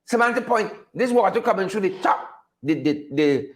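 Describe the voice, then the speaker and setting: A man's voice: high voice, expressive, normal speed. A man with a Guyanese accent hosting a political commentary show, talking emphatically and asking rhetorical questions. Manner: reads out viewer names. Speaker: host.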